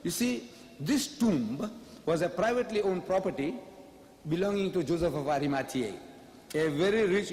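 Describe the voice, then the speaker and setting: A man's voice: a little high, a little mellow, roomy sound, long reverb tail, slight background noise. A man giving a public debate lecture, firing rhetorical questions at the audience with emphasis.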